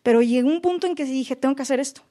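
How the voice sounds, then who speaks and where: A woman's voice: high voice, mellow. Earnest woman sharing a story. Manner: earnest, halting, frequent restarts. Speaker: retreat participant. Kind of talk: personal sharing, self-translating.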